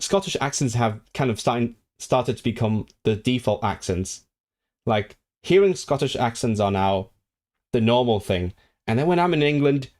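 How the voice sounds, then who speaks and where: A man's voice: lowish voice, a little mellow. A man from Hong Kong hosting a language livestream, reading viewer comments aloud and rambling through his replies with many restarts. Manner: rambling, self-correcting, reads viewer comments aloud and responds animatedly.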